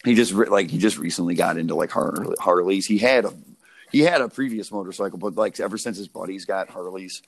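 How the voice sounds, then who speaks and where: A man's voice: low-pitched, brisk, gravelly. A man in his twenties telling loose, profane stories in a casual podcast chat, full of fillers and laughing at his own jokes. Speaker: podcast co-host.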